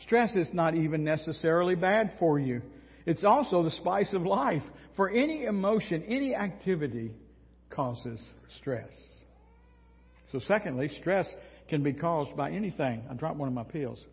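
A man's voice: fairly high pitch, expressive, moderate pace, slightly rough. A male pastor delivers a folksy, humorous sermon, recorded in an echoey hall with dull lo-fi sound. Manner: folksy, humorous preaching with props.

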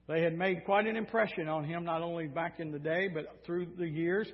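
Male pastor, sermon, high voice, lively and sarcastic, muffled sound. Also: normal speed, hardly any pauses. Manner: animated storytelling, sarcastic asides. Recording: dull sound in a reverberant hall.

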